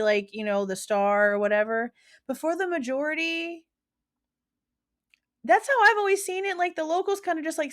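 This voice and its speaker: A woman hosting true crime commentary, talking casually in a slangy, emphatic, opinionated way. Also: sits high.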